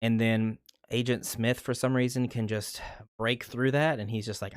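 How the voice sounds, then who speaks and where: A man rambles through a casual movie review at a steady middle pitch. He wanders off on tangents and circles back to his point. The sound is close and dry, with no echo. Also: normal speed. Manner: rambling, loses his train of thought.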